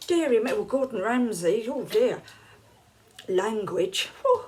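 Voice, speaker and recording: An English woman in her late fifties chats to her viewers, telling stories and laughing along the way. Her voice sits a little high, and she acts out the lines other people said. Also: animated, slow pace, darkish tone. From England. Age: late 50s. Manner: chatty, laughs often, acts out quoted lines. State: unwell, feeling hot and cold. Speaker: vlogger. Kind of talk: casual storytelling to camera.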